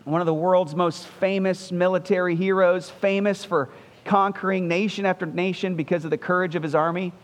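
Speaking at a moderate pace with a steady tone, this high-voiced male pastor gives a sermon that feels earnest and conversational. Repeated phrases hammer home each point, while the church hall adds a long, ringing reverb.

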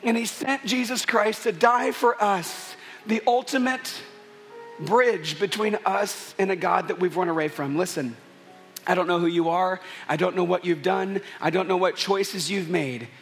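A man's voice: sits high, measured pace, faint music behind. A man preaching a sermon at a church service, earnest and building to emphatic peaks. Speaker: pastor.

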